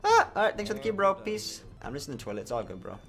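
Young male gamer, higher than average voice, animated comedic play-by-play with cursing outbursts. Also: quick pace. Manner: loud swearing outbursts and joking asides. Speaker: gaming YouTuber. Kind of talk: comedic gameplay commentary.

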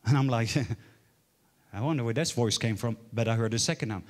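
A man in his forties from Norway, preaching a sermon as a story, swinging from loud exclaims to hushed murmurs. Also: medium pitch, normal speed. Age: 40s. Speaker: guest preacher.

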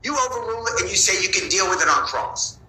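A man's voice: high-pitched, animated, quick pace, bright, forceful tone, slight background noise. Insistent male lawyer in an echoey courtroom. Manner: insistent, pleading, repeats his points. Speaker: defense attorney. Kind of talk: courtroom argument to a judge.

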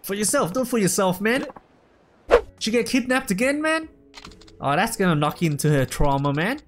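A man giving casual, excitable gameplay commentary, full of slang and shouts at the game. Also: high voice, moderate pace, background noise. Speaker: let's play gamer. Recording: loud game music underneath. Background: game music.

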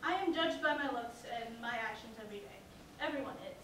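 At a campus event, a young woman student gives a personal talk in a lecture hall, her voice on the high side, animated and brisk. She jokes sarcastically at her own expense. With the mic unused, she sounds far away in a very echoey, noisy hall.

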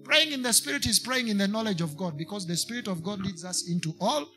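A man's voice: high voice, expressive, fast talker, sharp tone, soft background music. A man with a Kenyan English accent preaching a sermon to a congregation, slipping into Swahili and repeating lines for emphasis.

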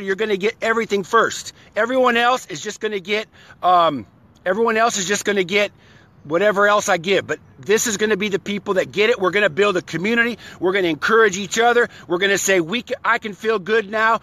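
A man's voice: sits high, fast talker, sharp tone. A man hosting a live stream for his online community, talking to followers in a playful, exuberant, rambling way and breaking into silly songs. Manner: rambling, many restarts, greets viewers by name. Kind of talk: live-stream chat to followers with sung bits.

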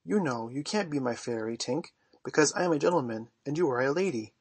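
A man's voice: medium pitch, animated, a little fast, slightly rough, no echo. A man reading aloud, voicing a cocky, merry boy who talks in a boastful, offhand, good-natured way.

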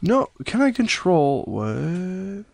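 A young man hosting a let's play, reading the game's dialogue aloud and reacting with excitable, profane outbursts. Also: sits high, takes it slowly, gravelly.

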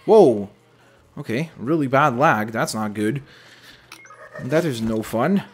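A young man giving casual running commentary over a shooter game, animated and quick to exclaim when things go wrong. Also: medium pitch, slight background noise. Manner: animated, exclaims at setbacks, jokey asides. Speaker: gameplay commentator. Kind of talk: gameplay commentary.

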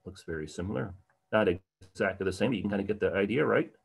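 A man's voice: lowish voice, fast, gravelly, husky. A man presenting an art history livestream to his viewers, speaking conversationally with frequent ums and uhs and taking questions from the chat. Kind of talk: livestream slideshow lecture.

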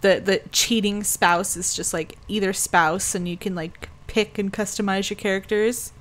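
A woman's voice: mid-range voice, fairly even intonation, moderate pace, fairly bright tone. A woman chatting casually while gaming, giggly and self-deprecating. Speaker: gamer. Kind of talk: casual gameplay banter.

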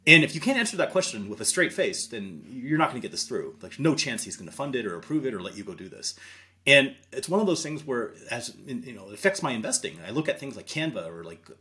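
A man's voice: mid-range voice, big pitch swings, fast talker, pushed and bright. A middle-aged man, an investor guest in an interview, telling stories with many fillers and acting out remembered dialogue. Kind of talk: interview storytelling.

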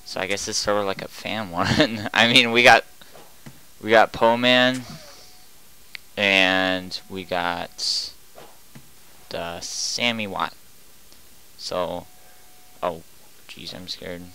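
Casual young guy playing a game, slow talker, muttering then shouting no no no at the screen. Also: low-pitched, steady tone, smooth, poor audio. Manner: jumps between quiet muttering and loud panicked yelling. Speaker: gaming commentator. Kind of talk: excited gameplay commentary.

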